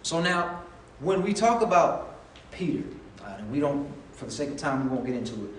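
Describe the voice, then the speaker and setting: A man's voice: fairly high pitch, sing-song, normal speed, a little hiss or hum. A man preaching a sermon in a conversational way, often acting out the voices of the people in his stories. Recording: echoey room, voice from a distance, faint ambience.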